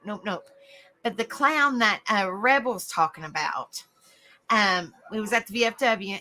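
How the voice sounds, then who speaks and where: A woman hosting a livestream, chatting to viewers and telling a rambling, animated story. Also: mid-range voice, a little hiss or hum, poor audio. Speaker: livestream host. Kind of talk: casual live-chat storytelling.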